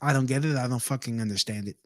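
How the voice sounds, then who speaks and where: A man's voice: mid-range voice, fast talker, dry recording. Profane, indignant man ranting over news. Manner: profane, indignant, breaks off to mock. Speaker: online commentator. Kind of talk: reading news and ranting about it.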